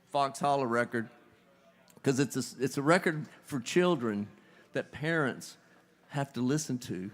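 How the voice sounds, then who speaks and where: A man, rambling folksy banter between songs at a live music bar, into a stage microphone. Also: mid-range voice. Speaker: bandleader and singer. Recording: live band playing behind. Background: guitar music.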